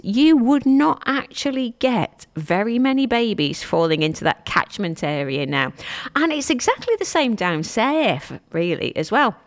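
A woman's voice: fairly high pitch, gravelly. A woman from Stoke-on-Trent presenting a radio show, chatting casually and mocking herself as she tells stories. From Stoke-on-Trent, England. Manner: chatty, self-mocking, storytelling.

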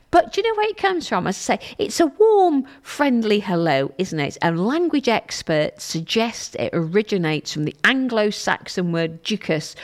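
A woman from the on-area, presenting a local radio show in a chatty, rambling way that often corrects itself. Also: on the low side. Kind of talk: casual radio chat.

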